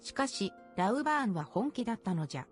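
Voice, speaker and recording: A woman's voice: medium pitch, very animated, rapid-fire, soft background music, lightly acted. A woman voicing a young girl queen in a game cutscene, narrating in a stately, old-fashioned way. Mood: recounting. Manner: stately, archaic storytelling tone.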